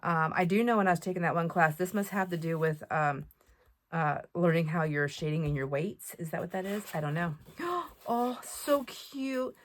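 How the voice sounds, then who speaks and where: A woman chatting to camera while showing off a craft haul, excitable and full of fillers and asides. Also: lowish voice, moderate pace. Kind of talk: casual chat to camera.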